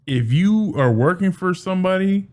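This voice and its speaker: A man giving casual solo commentary as a sports fan, animated, often restarting and repeating words. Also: high voice, moderate pace.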